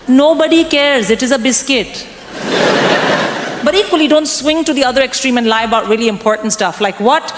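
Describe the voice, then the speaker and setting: A woman in her forties performing a stand-up comedy set, delivering wry, deadpan punchlines to a crowd. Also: a little high, moderate pace. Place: comedy club stage. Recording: live room with long reverb and background noise.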